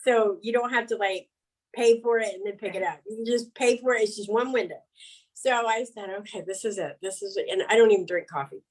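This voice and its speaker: A middle-aged woman speaking as an interview guest, her voice sitting somewhat high. She tells her story frankly in an animated, conversational way, breaking into laughter between words. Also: fairly quick, poor audio.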